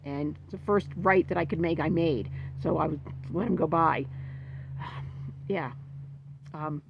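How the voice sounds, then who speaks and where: A woman's voice: low voice, vocal fry, muffled recording, slight background noise. A woman vlogger telling a story in a casual, upset, rambling way, venting about what happened to her dog.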